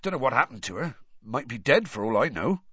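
A husky, rough-spoken half-giant, as a male storyteller puts him on, big and gentle, folksy and heartfelt, raised a little above the reader's own pitch. His speech swings up and down with feeling. The audiobook recording is dull and lo-fi, with a dry sound. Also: sing-song, fairly quick, no room sound, heavily acted. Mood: confiding.

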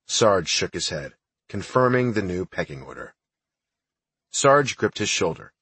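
A man reads an audiobook in a steady, first-person storytelling style. His voice is low and husky, and the recording sounds dry and close to the mic. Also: unhurried, no room sound. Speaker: audiobook narrator. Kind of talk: audiobook narration.

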